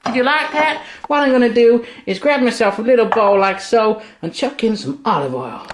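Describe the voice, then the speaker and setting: A man's voice: very high-pitched, lively intonation, moderate pace, slight background noise. A man from England hamming up a put-on Texan drawl while cooking in a home kitchen, goofy and full of yeehaws. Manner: hammy fake cowboy persona, goofy asides, frequent yeehaws. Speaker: guest cook. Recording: roomy echoey kitchen.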